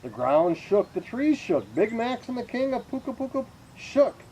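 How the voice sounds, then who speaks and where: A man reading a children's picture book aloud in an expressive, animated way. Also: very high voice, normal speed, a little hiss or hum, low-quality recording. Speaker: reader.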